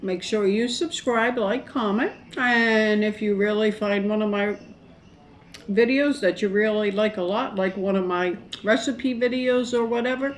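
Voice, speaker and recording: A woman's voice: mid-range voice, a little slow. A middle-aged woman chatting casually to camera during a mukbang, rambling and folksy. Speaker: mukbang vlogger. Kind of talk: casual chat to camera while eating.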